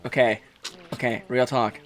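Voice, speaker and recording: A man's voice: mid-range voice, flat delivery, a little slow, faint music behind. A man co-hosting a casual let's-play, reacting to his partner with teasing exasperation. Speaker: co-host playing a game. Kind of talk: casual gameplay chat.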